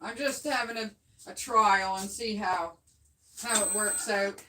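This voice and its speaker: There's a little hiss or hum as she talks at a measured pace in a sharp, mid-range voice. She's a middle-aged woman from Canada, casually chatting with viewers on a phone livestream from home, wandering off topic and laughing frequently.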